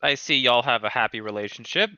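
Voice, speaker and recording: A man's voice: medium pitch, fast talker, sharp tone, smooth, no echo. Male player, wry and stammering, dry lo-fi mic. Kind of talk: in-character tabletop play. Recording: dull dry lo-fi audio.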